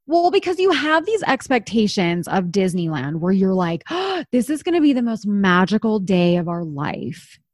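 A woman's voice: medium pitch, moderate pace, hardly any pauses, dry recording, studio quality. A woman in her thirties from Utah, telling a story in casual chat, full of "like" and acted-out quotes. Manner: animated, lots of "like", acts out quotes.

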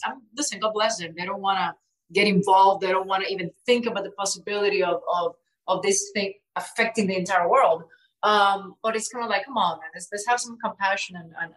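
A woman co-hosting a casual talk show, earnest and emphatic, quick to argue back. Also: mid-range voice, a bit bright, poor audio. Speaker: co-host. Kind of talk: casual chat.

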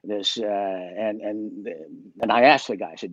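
A man's voice: lowish voice, fairly even intonation, measured pace, no echo, muffled recording. A man, a guest magician, telling a story in a chatty way, with many fillers, restarts and laughs, heard over a video call. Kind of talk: casual storytelling.

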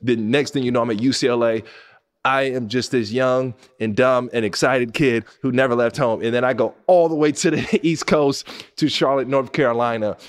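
A man in his thirties from Pasadena telling a personal story to his listeners as host. He talks in an animated way, jumping up high when excited and dropping low and quiet when moved. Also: moderate pace. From Pasadena, California. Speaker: podcast host and former NBA player.

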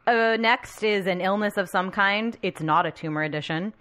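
A woman's voice: mid-range voice, moderate pace, a bit bright. A woman in casual conversation, working through a list of points in a matter-of-fact way. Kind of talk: casual chat.

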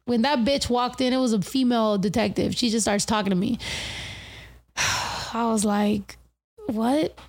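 A woman's voice: fairly high pitch, moderate pace, pauses often. A young woman co-hosting a podcast, telling a story in casual chat. She swears often and acts out the lines of the people in it. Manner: profane, animated, acts out quotes. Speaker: podcast co-host.

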